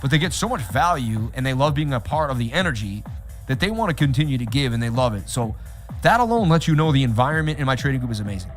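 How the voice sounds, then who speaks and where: A man hosting a live trading stream, talking straight to his chat in an animated, repetitive way. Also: mid-range voice, fast, soft background music. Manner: animated, repeats himself, talks straight to chat. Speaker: livestream host. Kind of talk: casual livestream chat.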